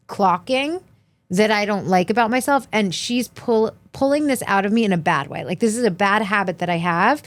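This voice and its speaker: A woman's voice: medium pitch, dry recording. A young woman co-hosting a podcast, recapping reality TV in casual chat and acting out quotes in many voices. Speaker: podcast co-host.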